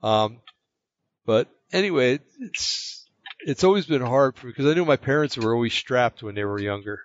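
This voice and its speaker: Halting man telling a story, lo-fi. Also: medium pitch, lively intonation, no room sound. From United States. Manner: rambling, halting, many fillers and restarts. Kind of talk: casual personal anecdote. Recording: dull lo-fi, dry sound.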